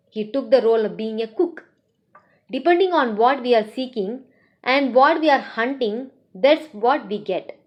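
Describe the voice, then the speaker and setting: Woman teaching a scripture class. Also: fairly high pitch. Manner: lively storytelling, asks the class questions. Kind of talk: storytelling scripture lecture. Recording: dull lo-fi recording.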